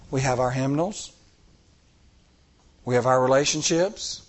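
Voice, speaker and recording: Animated man preaching a sermon. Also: mid-range voice, measured pace, long pauses, slightly rough. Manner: animated storytelling, acts out dialogue, repeats phrases for emphasis. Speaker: church elder preaching.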